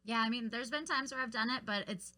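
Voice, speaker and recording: A woman's voice: a little high, fast, bright, forceful tone. A young woman co-hosting a podcast, telling stories bluntly between laughs. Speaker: podcast co-host. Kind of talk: casual chat.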